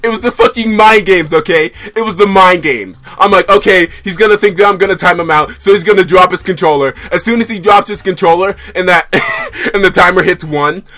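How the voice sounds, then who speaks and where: A young man giving loud, excitable live commentary while playing a fighting game, swearing and laughing as he plays. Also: high voice, brisk. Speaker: gaming YouTuber. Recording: game music playing behind.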